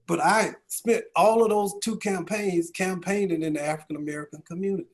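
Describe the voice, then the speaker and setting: A man's voice: sits high, fairly even intonation, brisk. A middle-aged man, a county chief executive, speaking at a business round table and telling stories with rhetorical questions and folksy asides. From Georgia, US.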